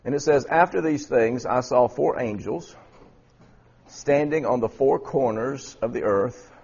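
A man with a husky voice teaching a Bible study class, often repeating words and quizzing his students. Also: mid-range voice, measured pace, darkish tone, muffled recording.

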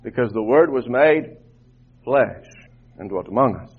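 A man's voice: mid-range voice, animated, a little slow, slightly rough. A man preaching a sermon to his congregation as their pastor, fervent and repeating words as he builds his points. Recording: tinny phone-like line, muffled.

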